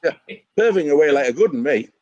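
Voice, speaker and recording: An English man on a video call, a guest who's a fan taking over the show, jokes cheekily through casual banter and laughs through his stories. His voice is fairly high and darkish, with lively intonation and a fast pace. The recording sounds muffled.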